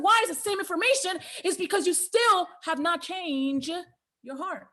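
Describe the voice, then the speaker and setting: A woman's voice: very high voice, expressive, moderate pace, bright, forceful tone. A woman giving a motivational talk to a group call, preacher-like and exhorting, with repeated rallying lines. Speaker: motivational trainer.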